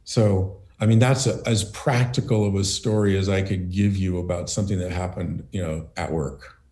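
A business owner telling a personal story on a panel, measured and hesitant, with many "uh"s. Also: male voice, deep voice, steady tone, darkish tone.

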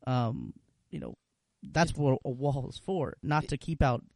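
A man co-hosting a comedy podcast, dropping deadpan crude one-liners in casual chat. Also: medium pitch, unhurried, gravelly, no echo, studio quality. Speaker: podcast co-host.

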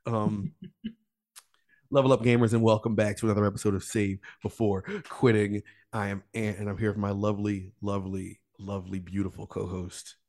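A man's voice: fairly low pitch, level tone, moderate pace, darkish tone. A man hosting a gaming podcast in casual chat, laid-back and laughing often. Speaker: podcast host.

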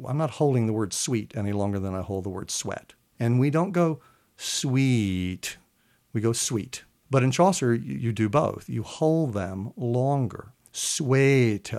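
A man, a literature scholar, talking through old English verse in a relaxed interview, sometimes reading lines aloud slowly with long, held vowels. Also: mid-range voice. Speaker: literature professor guest. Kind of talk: animated explanatory chat with recitation.

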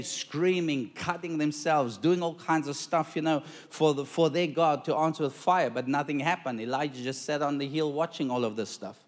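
A male preacher telling a story in a sermon, dramatic and lively, calling out to the congregation for responses. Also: a little high.

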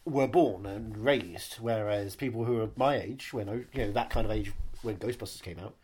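A man's voice: lowish voice, normal speed, darkish tone, breathy edge. A man in his late twenties, co-hosting a podcast in rambling, sardonic casual chat. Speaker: podcast co-host.

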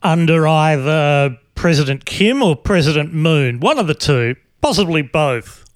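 A man's voice: on the high side, expressive, measured pace, no room sound, clean studio sound. A man hosting a podcast, giving sardonic, rambling commentary full of fillers. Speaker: podcast host. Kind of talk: casual commentary.

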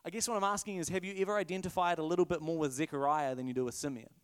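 A high-voiced man preaching in a relaxed, conversational way, playful and quick to correct himself. His voice carries a long reverb, as if filling a large hall. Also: clear, resonant tone. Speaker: pastor. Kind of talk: sermon.

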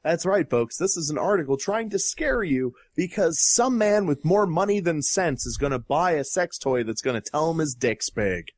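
A man's voice: fairly high pitch, normal speed, hardly any pauses, no room sound, studio quality. A man co-hosting a casual talk show, ranting sarcastically and swearing as he tears into news articles. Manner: animated, profane, sarcastic. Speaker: podcast co-host.

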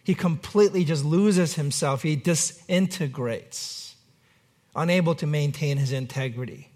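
Male pastor, high voice, relaxed conversational sermon with dry humor. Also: measured pace. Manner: conversational preaching with light humor.

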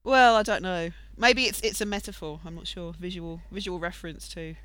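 Bright high-voiced man chatting about films. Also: steady tone, brisk, clean tone, no echo. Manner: chatty, acts out quoted lines in funny voices. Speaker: podcast co-host. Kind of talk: casual chat about films.

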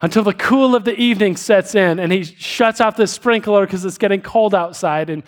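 A man preaching a sermon, telling a story with many restarts and slowing down for emphasis. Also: sits high. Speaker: pastor.

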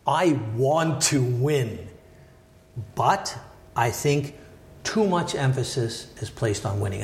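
Thoughtful older man with an echoey sound. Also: fairly high pitch. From Canada. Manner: thoughtful, hedging, many restarts and asides. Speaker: podcast guest, former Olympic wrestler and sports lawyer. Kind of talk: reflective interview talk. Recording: roomy echoey room.

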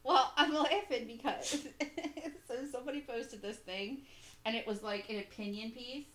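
A woman's voice: a little high, a bit bright. Giggly woman in an echoey room. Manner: giggly, exclaims in disgust, quick reactions. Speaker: co-host. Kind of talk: casual podcast chat.

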